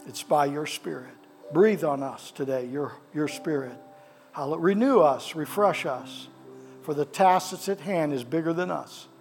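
A man's voice: on the high side, measured pace, a little mellow, faint music behind. A man preaching a sermon as pastor of a church, with a fervent cadence that repeats phrases, then leading prayer. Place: church sanctuary.

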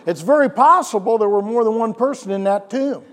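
A male pastor preaching a sermon, animated, with rhetorical questions and chuckles, in a church. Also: high-pitched, a little fast. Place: church sanctuary. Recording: long church hall reverb.

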